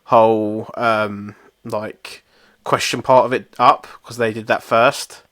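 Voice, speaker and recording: A man's voice: on the low side, level tone, takes it slowly, fairly bright tone, no room sound, clean studio sound. A young man co-hosting a podcast, telling rambling, self-mocking stories with lots of swearing. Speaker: podcast co-host. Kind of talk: casual chat.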